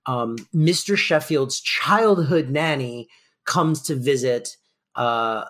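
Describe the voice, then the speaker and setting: A man co-hosting a podcast and talking through a sitcom episode. He rambles loosely and fills his speech with "like" and "um". His voice sits at a middling pitch. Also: slow, a bit bright. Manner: loose and rambling, lots of fillers like "like" and "um". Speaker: podcast co-host. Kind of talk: casual chat recapping a sitcom episode.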